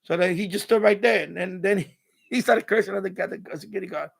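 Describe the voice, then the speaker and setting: A man's voice: high voice, fast, creaky, slightly rough. A man hosting a live stream, ranting in casual commentary with rambling, repetitive, streetwise talk, acting out quoted exchanges.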